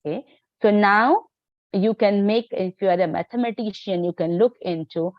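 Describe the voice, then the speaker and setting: A woman teaching a live astrology class, talking in halting phrases full of fillers and restarts. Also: medium pitch, no echo, lo-fi sound. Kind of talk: live online class lecture.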